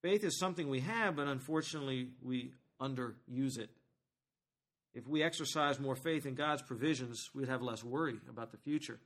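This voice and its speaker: A man preaching a sermon as pastor, talking to the congregation in a conversational, animated way and asking them questions. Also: mid-range voice, normal speed.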